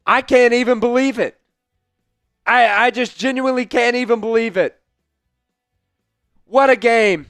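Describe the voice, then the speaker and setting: A hoarse man, hosting a fan livestream of a football game, calling plays, shouting and chanting in excitement. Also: very high voice, measured pace, pauses often, no echo, faint music behind. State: hoarse, voice worn out. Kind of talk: live fan play-by-play watch-along.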